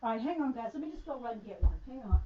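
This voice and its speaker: A woman with a lively, higher voice hosts a casual crafting vlog, chatting to viewers as she works. She talks in an excitable, animated way. The home recording sounds a little dull and lo-fi. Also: racing, a little hiss or hum. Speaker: craft video host.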